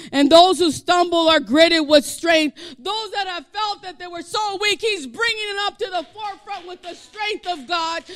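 A male pastor preaching a sermon, reading scripture aloud and breaking into passionate, shouted exhortation. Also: very high voice, dry recording. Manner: impassioned, builds to shouting.

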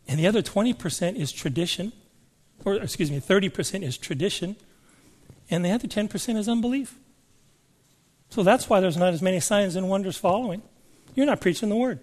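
A man's voice: sits high, lively intonation, a little fast, long pauses, a little mellow, breathy edge. A man preaching a sermon to a congregation in a conversational way, often asking the room questions. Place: church service before a congregation.

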